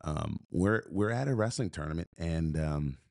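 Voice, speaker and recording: Guy with a low deep voice on a podcast, emphatic, keeps repeating himself, dry close sound. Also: expressive, normal speed, creaky, darkish tone, no room sound. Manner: emphatic, repeats phrases and restarts, punchy asides. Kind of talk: casual podcast storytelling.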